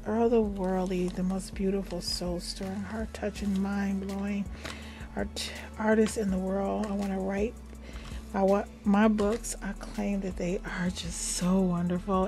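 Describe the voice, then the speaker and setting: An older woman hosting a casual craft tutorial, chatty and rambling, with self-affirmations and the odd soft whisper. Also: medium pitch. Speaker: craft and magic video host.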